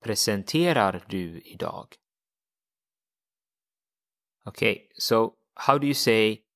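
A man's voice: fairly low pitch, animated, measured pace, fairly bright tone. A man teaching a language lesson step by step, patiently repeating phrases for learners.

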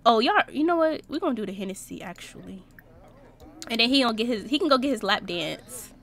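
Talking a little fast in a voice on the high side, a young woman narrates her Sims let's-play. She's casual and slangy, reacting animatedly and laughing at the events in her game.

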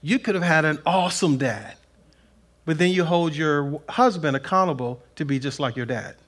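Pastor guy in a church, kinda high voice, chatty sermon, gets loud then goes quiet. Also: moderate pace. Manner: animated, swings between loud emphasis and soft asides; folksy, plain-spoken. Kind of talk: conversational sermon. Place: church sanctuary.

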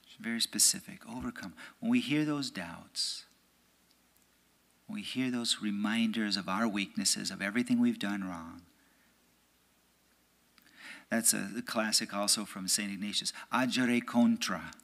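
An American man, a priest, preaches a homily in a church. His voice sits low and carries a gravelly fry. He talks in an easy, conversational way, checks in with "right?", and sometimes drops almost to a whisper. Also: a little slow, pauses often. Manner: conversational, often asks "right?"; drops to a hushed, near-whispered voice. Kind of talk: homily at a prayer meeting.

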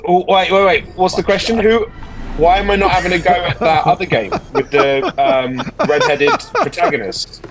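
A man's voice: high-pitched, animated, moderate pace. Blunt, joking man with crowd behind. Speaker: streamer guest. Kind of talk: casual gaming chat. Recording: crowd noise clearly behind.

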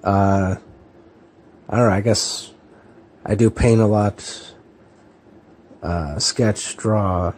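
A man in his thirties from California, chatting casually in a relaxed, hesitant way with lots of fillers and restarts. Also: lowish voice, extremely slow, pauses often, slight background noise. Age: 30s. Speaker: book vlogger. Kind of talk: casual chat, answering a tag.

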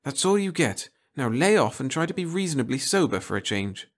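A man voicing a cool, efficient female agent who speaks in crisp, cutting lines, in a read-aloud story. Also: medium pitch, very animated, a little fast, pitched above the performer's own voice. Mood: cool, scolding.

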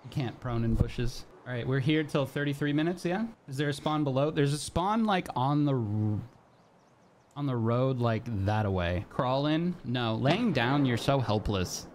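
A young man streaming a game live, talking to his chat in a nervous, excitable way. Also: mid-range voice, normal speed, a little hiss or hum.

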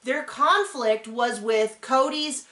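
Middle-aged female recap co-host, higher voice, animated and rambling, echoey room. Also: slow pace. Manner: animated, acts out quotes, rambling asides. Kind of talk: casual chat recapping a reality show.

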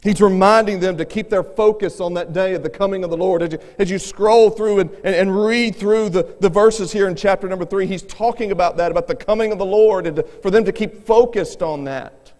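A man's voice: high voice, a little fast, hardly any pauses, darkish tone. Earnest male evangelist in a reverberant church. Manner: earnest, repeats words at the start of phrases. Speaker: evangelist preacher. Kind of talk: revival sermon. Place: church sanctuary.

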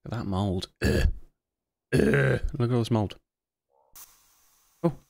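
A man's voice: on the low side, moderate pace, dark tone, low-quality recording. A young man giving jumpy, self-mocking commentary while playing horror games, with sudden yelps. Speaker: gaming video host.

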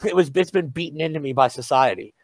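A man's voice: on the high side, quick pace, a little mellow, no echo. A man hosting a podcast, chatting casually in a laid-back way and asking his guest questions. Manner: laid-back, laughs along, asks questions. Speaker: podcast host. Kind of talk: casual chat.

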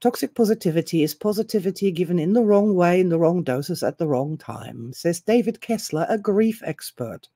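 A woman hosting a solo commentary video. She reads web pages aloud with deliberate pauses and adds sarcastic asides. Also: lowish voice, lively intonation, warm tone, no room sound. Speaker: self-help author and video host.

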